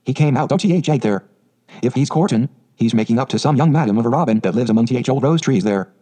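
A man voicing a surly old male gardener from the Yorkshire moors, speaking bluntly in a gruff Yorkshire accent. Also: medium pitch, lively intonation, fast talker, dark tone. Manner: blunt, gruff dialect speech.

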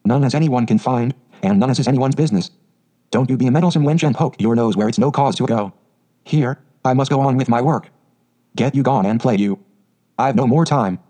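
A man voicing a surly old male gardener from the Yorkshire moors, speaking bluntly in a gruff Yorkshire accent. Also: medium pitch, a little fast, warm tone, close to an everyday voice. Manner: blunt, gruff dialect speech.

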